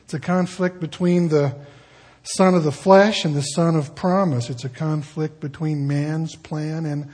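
A man's voice: fairly high pitch, steady tone, a little slow, a little mellow, breathy edge. A man preaching a casual sermon, telling stories and acting out the people in them. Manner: conversational storytelling, acting out quoted voices. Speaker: pastor.

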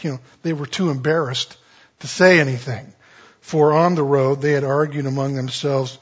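A male pastor preaching a sermon in a folksy, conversational way with animated storytelling. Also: mid-range voice, normal speed, slightly rough. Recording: dull lo-fi recording.

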